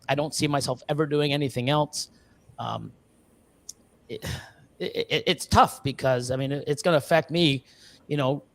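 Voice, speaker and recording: A Canadian reptile breeder, a guest on a live stream, talks casually in a voice on the high side. He rambles earnestly with many restarts and fillers, now and then mimicking other people in quick bursts.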